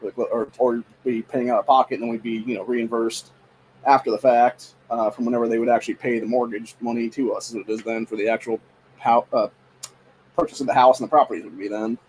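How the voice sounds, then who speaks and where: On a low-quality recording with a bit of hiss or hum, a man in his forties from Ohio vents on his podcast in a frustrated, profanity-laden rant. His mid-range voice is fast and fairly even in intonation as he delivers the casual monologue.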